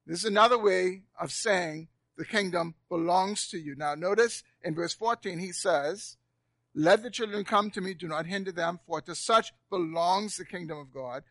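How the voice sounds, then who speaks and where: Man preaching, high voice, dry sound, loud then soft, repeats words for emphasis, church sermon. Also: normal speed, no echo. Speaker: pastor. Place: church sanctuary, live congregation.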